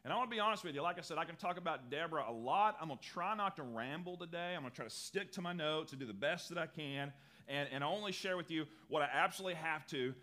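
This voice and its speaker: Lively, bright-voiced male pastor preaching. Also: on the high side, fast talker. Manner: animated, acts out quotes in lively voices. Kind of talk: sermon.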